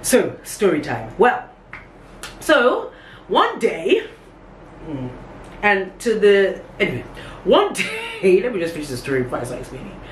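A young woman tells a casual story on camera at an unhurried pace, pausing often. She's animated and acts out every quote with big jumps in pitch. She's recorded by a camera on a tripod in an echoey room with a faint hum behind her.

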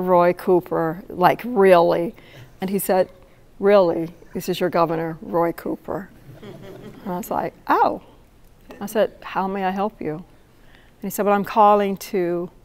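Middle-aged woman from North Carolina, poet at a lectern, lively storyteller, quizzes the crowd. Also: medium pitch. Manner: animated, asks the audience questions. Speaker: poet giving a talk. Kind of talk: storytelling talk to an audience.

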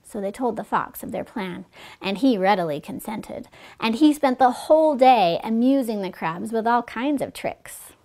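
A woman reading fables aloud to children as a storyteller, with gentle, chatty asides to her listeners. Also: fairly high pitch, expressive, normal speed.

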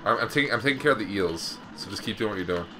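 A man's voice: lowish voice, animated, very fast, over music. A young man hosting a co-op let's play, joking, laughing and swearing through casual gaming commentary. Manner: profane, laughing, teasing banter.

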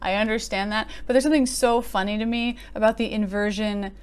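A woman giving a casual poetry critique, chatty and amused, often filling pauses with "like.". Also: mid-range voice, fairly even intonation, clean tone. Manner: chatty, frequent "like" fillers, amused. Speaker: poet and video host.

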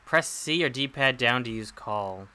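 A man playing through a game while commenting, chatty and excitable, yelping and laughing when things surprise him. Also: medium pitch, measured pace, heavy background noise. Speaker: gamer. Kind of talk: let's play commentary.

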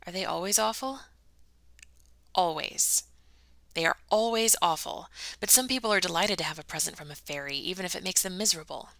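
A stout, scolding older woman from a storybook, brusque and matter-of-fact, as a woman reads her lines. The voice is a little low, bright and crisp, with no echo. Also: brisk. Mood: brisk.

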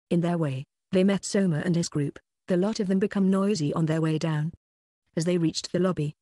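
An audiobook narrator working through a web novel in an even, unhurried reading. The voice sits mid-pitch and the recording is dry and close, with no room sound. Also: no echo.

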